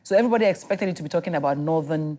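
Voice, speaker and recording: A woman's voice: deep voice, rapid-fire, dark tone. A middle-aged woman with a Nigerian accent hosting a TV talk show, probing her guest with questions. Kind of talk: studio interview. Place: TV studio.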